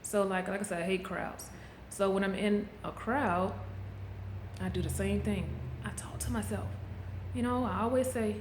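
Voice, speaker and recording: A middle-aged woman speaking frankly into a handheld camera, coaching her viewers like a friend in a casual motivational vlog. Her voice sits at an ordinary pitch for a woman. It bounces around an echoey room, with a faint hum of ambience behind her. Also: steady tone, moderate pace. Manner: candid, coaching, talks straight to viewers. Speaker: vlogger.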